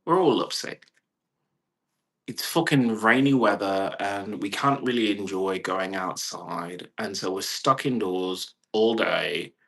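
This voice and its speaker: Bright-voiced man ranting casually. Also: lowish voice, takes it slowly, creaky. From California. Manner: profane, rambling, animated quoted voices. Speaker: vlogger. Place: indoors at home with a puppy.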